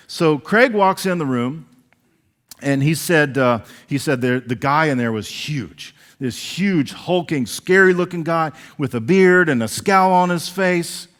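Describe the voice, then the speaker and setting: Animated pastor preaching in an echoing church. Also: male voice, on the high side. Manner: animated, acts out quoted voices. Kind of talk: sermon. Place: church sanctuary. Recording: long reverb of a large church hall.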